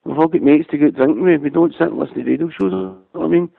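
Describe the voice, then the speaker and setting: Phone-in host, quick and gravelly, mocking, says mate constantly, muffled radio sound. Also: male voice, fairly high pitch, dry recording. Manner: mocking, repeats "mate" constantly, talks over caller. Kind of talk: heated phone-in argument.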